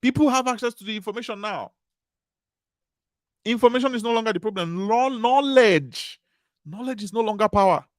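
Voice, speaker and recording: A man's voice: sits high, normal speed, long pauses, dry recording, clean studio sound. A man giving a motivational conference talk, repeating key phrases with emphatic, preaching cadence. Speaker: conference speaker.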